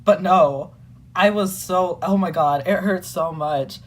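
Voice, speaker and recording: A young woman chatting casually as a guest, telling a story in an animated, dramatic way, full of "like" and fillers. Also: on the low side, takes it slowly. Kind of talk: casual chat.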